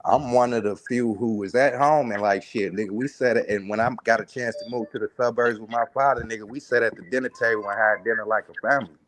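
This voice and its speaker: A man's voice: on the low side, fairly even intonation, fast, hardly any pauses, fairly bright tone. A man in casual podcast chat, talking candidly and rambling in street slang.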